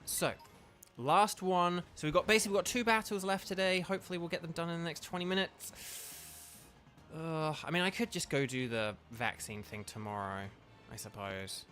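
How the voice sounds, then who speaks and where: A man's voice: fairly high pitch, fairly even intonation, moderate pace, a bit bright, soft background music. A man, congested, hosting a let's play with rambling, filler-heavy commentary. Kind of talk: casual game commentary.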